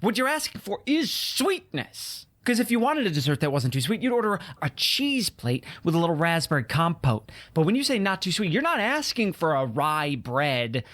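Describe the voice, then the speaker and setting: Sarcastic man ranting with lively pitch. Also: normal speed, hardly any pauses. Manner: exasperated, sarcastic. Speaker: podcast host. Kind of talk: comedic rant.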